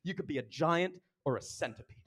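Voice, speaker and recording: A young man from England with an English accent doing a deadpan stand-up comedy set and acting out both sides of dialogues. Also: fairly high pitch, brisk. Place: comedy club stage. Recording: loud noise and clicks.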